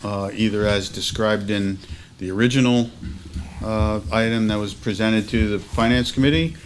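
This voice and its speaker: Halting man chairing a board meeting. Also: on the low side, steady tone, a little hiss or hum. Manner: halting, restarts with many fillers. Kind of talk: meeting procedure and discussion. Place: school board room.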